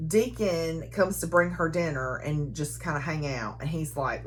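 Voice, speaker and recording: A woman casually recapping a novel, chatty and quick to laugh. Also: low voice. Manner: chatty, giggly, frequent laughter. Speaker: book reviewer.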